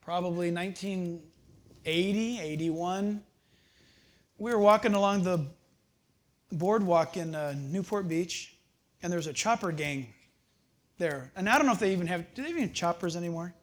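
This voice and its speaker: Older male pastor, high and animated. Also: normal speed, pauses often. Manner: storytelling, animated, chuckling asides. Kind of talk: sermon.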